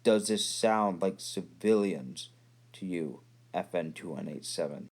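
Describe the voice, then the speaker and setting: A man's voice: low-pitched, animated, a little slow, darkish tone, full character voice. A man voicing a cold, commanding female captain in armor, speaking in a clipped, formal way.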